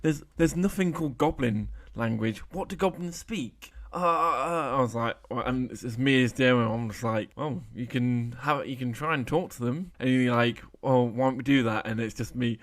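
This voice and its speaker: A man's voice: mid-range voice, fairly bright tone. A man hosting a podcast who chats casually and rambles through stories about running a game session, with many restarts. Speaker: podcast host and game master. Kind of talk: casual chat.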